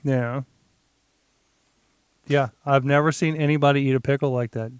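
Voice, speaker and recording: A man's voice: mid-range voice, steady tone, normal speed, clean tone, no room sound. Man podcast host, dry close sound, jokey, heavy on fillers, keeps asking questions. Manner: joking, filler-heavy, asks lots of questions. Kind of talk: casual podcast chat.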